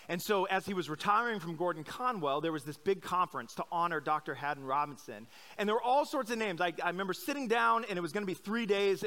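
Middle-aged pastor guy from iowa, highish voice, bright, chatty sermon full of likes and restarts. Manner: candid, self-deprecating. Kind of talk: conversational sermon. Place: church service.

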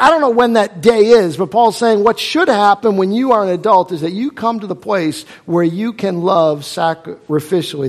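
Emphatic male pastor with slightly high voice. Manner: emphatic, repeats key phrases, acts out quoted voices. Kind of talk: sermon.

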